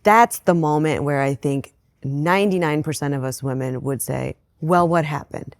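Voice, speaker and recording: A woman's voice: sits low, normal speed, dry recording, clean studio sound. Woman host playfully pushing back. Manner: playful, plays devil's advocate. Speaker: podcast host. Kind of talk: interview conversation.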